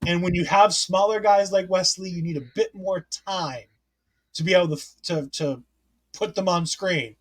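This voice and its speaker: High-voiced chatty man recapping wrestling. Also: normal speed. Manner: chatty, self-correcting, reads listener comments aloud. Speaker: podcast host. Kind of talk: casual wrestling recap chat.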